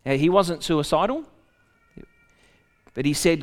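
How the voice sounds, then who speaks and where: A man's voice: mid-range voice, normal speed, clean tone, in a large hall. A man preaching a sermon, reading a scripture passage aloud and breaking off for conversational asides to the congregation.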